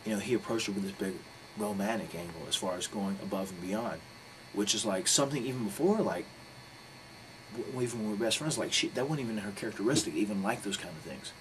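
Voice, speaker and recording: A man's voice: on the low side, fast talker. A man giving a candid interview, telling a story in a blunt, profane, rambling way. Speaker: interview guest, pro wrestler. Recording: steady background noise.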